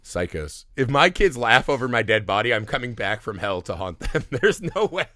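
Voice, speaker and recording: Animated, swearing podcast man. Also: mid-range voice, normal speed. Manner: animated, profane, acts out characters' lines. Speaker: podcast co-host. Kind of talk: casual movie-review chat.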